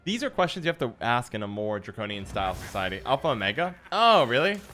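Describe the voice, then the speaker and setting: A man's voice: mid-range voice, big pitch swings, quick pace, sharp tone. Guy streaming a card game, chatting with chat, kinda rambly, faint music in the back. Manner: chatty, musing, self-deprecating. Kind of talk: casual livestream chat while gaming.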